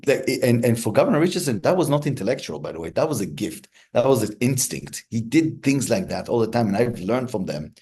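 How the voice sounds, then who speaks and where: A man's voice: mid-range voice, fairly quick, hardly any pauses. A man being interviewed as a hostage negotiator, telling stories reflectively with frequent restarts. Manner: thoughtful, many restarts, relaxed storytelling pace.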